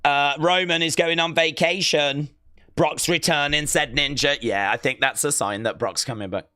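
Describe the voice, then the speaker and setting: Excitable man reacting live. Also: on the high side, normal speed, smooth, dry recording, clean studio sound. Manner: excitable, shouts counts and moves, repeats himself. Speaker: live-stream watch-along host.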